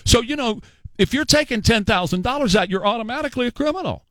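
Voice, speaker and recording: A man's voice: very high voice, lively intonation, fast talker, a bit bright, no echo. A man hosting a talk radio show, delivering an emphatic, sarcastic political monologue with rhetorical questions.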